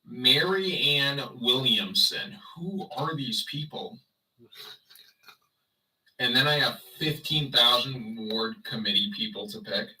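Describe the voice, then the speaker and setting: A man's voice: mid-range voice, fairly even intonation, unhurried, pauses often, bright, forceful tone, far from the mic, low-quality recording. A man livestreaming in casual chat, rambling and sarcastic as he talks to his viewers.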